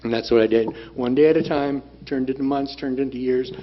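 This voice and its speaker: A man's voice: mid-range voice, fairly even intonation, fairly quick. A man sharing his recovery story at a group meeting, plain-spoken and blunt, repeating phrases for emphasis. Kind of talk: personal testimony talk. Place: meeting room. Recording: dull lo-fi room recording with faint noise.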